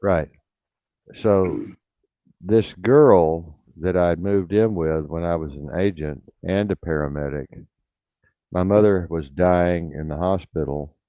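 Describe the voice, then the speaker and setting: A man's voice: sits low, mellow, dry recording. An older man telling a rambling, blunt and profane story in casual talk, repeating himself as he goes. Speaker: radio show host. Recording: dull lo-fi radio sound.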